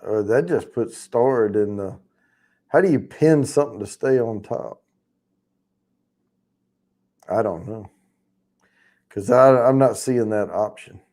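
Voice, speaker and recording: A man's voice: on the low side, takes it slowly, pauses often, dark tone. Rambling, profane male livestream host. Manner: chatty with viewers in the chat. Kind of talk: casual chat.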